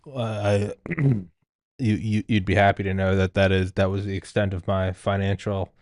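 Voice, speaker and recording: A man's voice: low voice, little pitch movement, moderate pace, darkish tone, no echo, clean studio sound. A man hosting a podcast interview, talking casually and laughing along. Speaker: podcast host.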